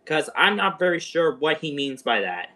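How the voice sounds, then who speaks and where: A young man casually reviewing a show on a livestream, excitable and rambling like an eager fan. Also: a little high, moderate pace.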